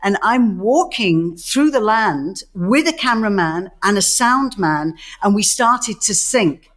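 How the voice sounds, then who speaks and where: A woman's voice: mid-range voice, slow. A middle-aged woman co-hosting a casual chat, telling stories with many restarts and acting out the quotes. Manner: lively storyteller who acts out quotes, many restarts. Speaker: podcast co-host.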